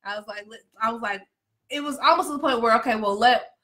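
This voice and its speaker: A woman with a somewhat high voice speaks frankly and animatedly, calling out to her viewers directly. She sounds like she is sharing candid marriage advice alongside her husband in a livestream chat. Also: quick pace, a bit bright. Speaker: pastor's wife. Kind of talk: candid couple talk on a livestream.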